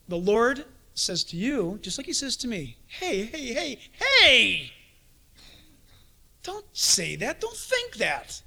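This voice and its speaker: A man preaching a sermon as pastor, animated, swinging from sudden shouts to hushed asides. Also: high-pitched.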